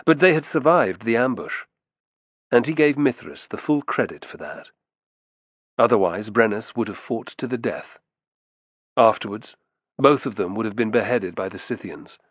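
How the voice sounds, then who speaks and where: Low-voiced man narrating an audiobook. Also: animated, normal speed, long pauses, no room sound, dull audio. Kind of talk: scripted narration.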